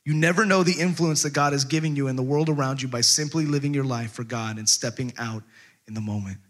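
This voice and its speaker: A man preaching a sermon, retelling a story in a lively, conversational way with casual fillers. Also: mid-range voice, fast talker.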